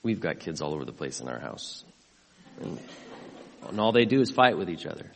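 A man's voice: deep voice, sing-song, brisk, creaky, in a large hall. A male pastor preaching a sermon, questioning the congregation and building to impassioned emphasis.

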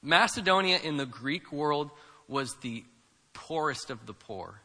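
Male pastor, slightly high and very bright voice, emphatic conversational sermon, long reverb of a church hall. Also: lively intonation, measured pace. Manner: conversational, emphatic preaching with rhetorical questions.

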